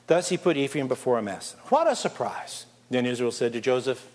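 A man preaching a sermon, reading scripture and putting lively questions to his congregation. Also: medium pitch, fairly quick. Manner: animated, asks the congregation questions. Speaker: pastor. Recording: long reverb of a large hall.

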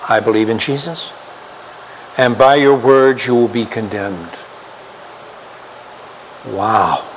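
A man preaching a sermon as pastor, emphatic and slow, asking the congregation rhetorical questions. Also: fairly low pitch. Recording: long hall reverb, faint room noise.

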